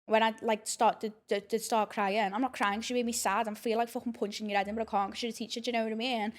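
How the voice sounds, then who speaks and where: A woman's voice: fairly high pitch, little pitch movement, fast. A young woman, hosting a casual podcast and telling stories frankly, with plenty of swearing and fillers. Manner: frank, heavy swearing, rambling with many fillers. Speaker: podcast host.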